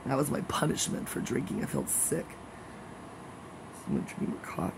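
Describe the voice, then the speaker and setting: A man's voice: mid-range voice, very animated, fairly quick, creaky, noisy background. A man in a rambling, casual monologue, jokey and gossipy with meandering asides.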